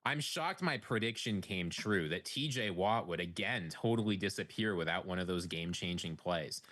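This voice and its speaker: Playful male co-host with a lively pitch, needling and teasing. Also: normal speed. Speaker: sports show co-host. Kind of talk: casual sports chat.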